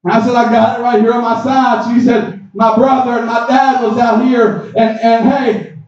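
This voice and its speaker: Shouting high-voiced preacher man, echoey hall. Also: little pitch movement, normal speed. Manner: shouting, impassioned preaching with "amen"s. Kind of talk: sermon. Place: church. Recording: echoey, distant, muffled hall mic.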